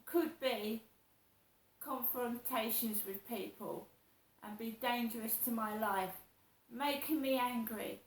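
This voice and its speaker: A middle-aged woman talks slowly and at length, circling back over the same grievances. Her voice sits fairly high and carries a roomy echo. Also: a little hiss or hum. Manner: slow, repetitive, aggrieved storytelling. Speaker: vlogger. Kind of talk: personal monologue.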